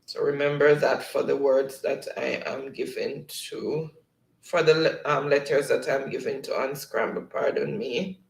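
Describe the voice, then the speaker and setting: A man's voice: medium pitch, steady tone, a little slow, gravelly, reverberant, rough recording. A man with a Jamaican accent hosting a casual live-stream quiz, reading chat messages aloud and laughing often.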